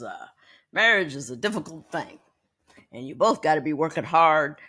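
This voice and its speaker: A woman in her sixties hosting a podcast, telling a personal story in a candid, animated way and often repeating words as she thinks. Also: deep voice, husky. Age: 60s. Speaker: podcast host.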